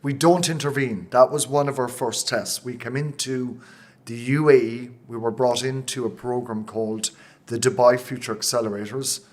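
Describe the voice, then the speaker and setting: A man with an Irish accent, a company founder answering interview questions in a passionate, emotional way, with quick bursts and many restarts. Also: medium pitch. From Ireland. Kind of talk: interview conversation.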